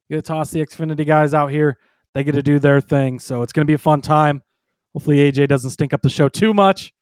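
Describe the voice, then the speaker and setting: Relaxed, chatty podcast co-host man. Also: fairly high pitch, no echo. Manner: relaxed, conversational, chuckles often. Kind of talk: casual sports betting chat.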